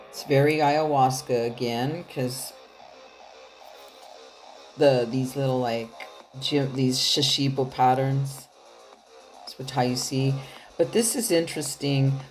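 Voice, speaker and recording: A woman's voice: extremely low pitch, a little mellow. A woman giving a casual tarot reading straight to her viewers, chatty and loose, swearing now and then and laughing often. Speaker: tarot card reader.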